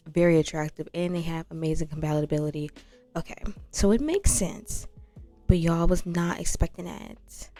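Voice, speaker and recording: A lively woman narrating her life-sim game in relaxed, casual commentary, full of slang and asides to her viewers. Her voice sits on the lower side, and faint music plays underneath. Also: normal speed. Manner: animated, slangy, addresses viewers as "y'all". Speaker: gaming channel host. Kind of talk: casual let's-play commentary. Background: faint background music.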